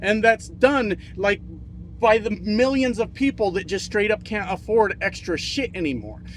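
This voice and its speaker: A man's voice: sits high, normal speed, a bit bright, slight background noise. A man giving a profane, heated political rant as a trucking video creator, repeating himself for emphasis. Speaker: trucking YouTuber.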